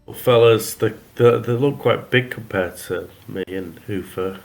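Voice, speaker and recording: Low voiced guy at a d&d table, slow, jokey. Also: creaky, faint music behind. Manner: joking, banter. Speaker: player.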